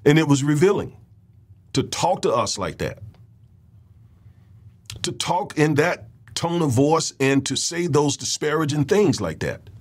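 A man's voice: on the high side, animated, a little slow, long pauses. A man hosting a political commentary show, talking in a loose conversational monologue, often repeating words and checking in with his listeners.

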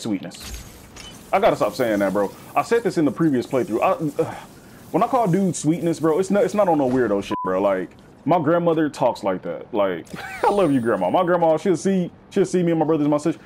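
A man giving casual, slangy let's-play commentary, swinging between high yelps and low growls. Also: a little hiss or hum. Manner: animated, slangy, swings into high-pitched bits and deep growls. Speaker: gaming YouTuber.

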